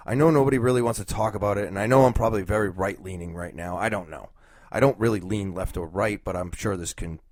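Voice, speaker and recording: A man's voice: medium pitch, dry recording. A man hosting his own podcast, thinking aloud in casual talk, rambling with fillers and restarts. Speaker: podcast host.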